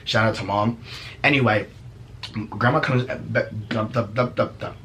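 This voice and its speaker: A young man casually telling a story as a vlogger, profane and animated, laughing often. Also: mid-range voice, moderate pace, a little hiss or hum.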